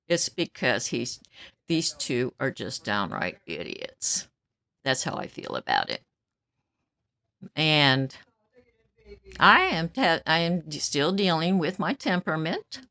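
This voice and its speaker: A woman in her seventies talks straight into the mic in a blunt, stern, outspoken way. Her voice sits low and moves slowly, yet leaps widely up and down in pitch. The recording is dry and close. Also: sing-song, pushed and bright, no room sound. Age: 70s. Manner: blunt, stern and outspoken, laughs between remarks. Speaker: vlogger. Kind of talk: casual venting monologue.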